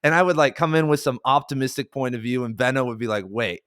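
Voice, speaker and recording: A man's voice: mid-range voice, fast talker, fairly bright tone, clean tone. Hyped-up casual podcast host, man. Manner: enthusiastic, slangy, hyped.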